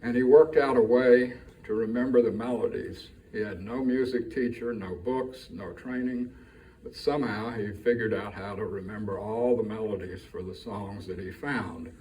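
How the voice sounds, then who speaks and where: A man introducing songs at a live showcase, telling their backstory in an unhurried storytelling way. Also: on the low side, steady tone, mellow, recorded from a distance, a little hiss or hum, rough recording. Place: live music showcase venue, indoors.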